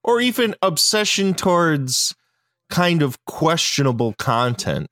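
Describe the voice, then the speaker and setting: This co-host's voice sits a little high and sing-song, unhurried and fairly bright, captured dry with clean studio sound. He swears and laughs often while enthusiastically and casually discussing a film on the podcast.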